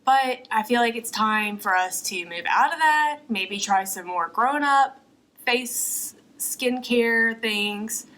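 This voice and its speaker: A woman's voice: on the high side, expressive, takes it slowly, bright, forceful tone, poor audio. A young woman vlogger chatting casually through an unboxing at home, a little out of breath and rambling with fillers. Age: young adult. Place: apartment.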